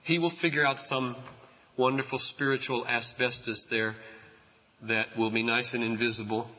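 A man preaching a sermon as a pastor, building from quiet passages to loud, impassioned outbursts. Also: medium pitch, level tone, moderate pace, in a large hall, highs cut off.

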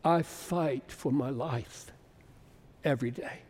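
A man in his seventies preaching a sermon with passion, building to loud, emphatic peaks. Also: medium pitch, slow pace, husky. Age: 70s. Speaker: pastor. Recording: long hall reverb.

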